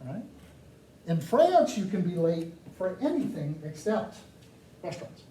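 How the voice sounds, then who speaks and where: A man from the United States giving a lively, joking talk to a live audience, often asking them questions. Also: sits high, measured pace. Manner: animated, joking, asks the crowd questions. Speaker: speaker addressing a live audience. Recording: echoey room, mic far off, faint noise.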